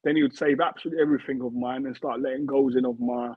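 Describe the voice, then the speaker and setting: Over a dry, tinny remote line that sounds like a phone, a man in his thirties who used to play football talks very fast in a mid-range voice with a breathy edge and fairly even intonation. As a guest in a relaxed interview chat, he speaks earnestly and circles back over his words to drive a point home. There's no echo.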